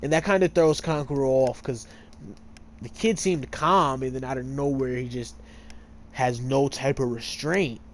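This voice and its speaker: A man's voice: medium pitch, fairly even intonation, normal speed, slight background noise. A man casually retelling a story while playing a game, full of fillers, often tripping over names and correcting himself. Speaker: gamer retelling a fan story.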